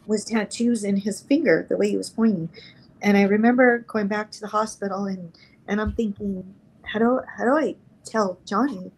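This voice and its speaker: A middle-aged woman from New Mexico, a guest in an interview, telling a personal story in a halting, emotional way and acting out the dialogue. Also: medium pitch, darkish tone, poor audio.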